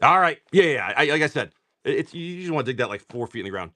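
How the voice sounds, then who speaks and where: A tired man chatting on a live stream as he opens card packs, excitable, swearing and laughing, talking to viewers by name. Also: on the high side, fast. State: tired from poor sleep. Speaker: livestream card seller. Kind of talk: casual live-stream chat while opening card packs.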